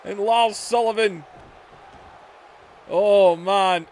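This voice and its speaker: A man giving play-by-play wrestling commentary over a video game, excitable, dropping to low muttering and then shouting at the big moves. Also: extremely slow, slight background noise. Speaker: gaming YouTuber.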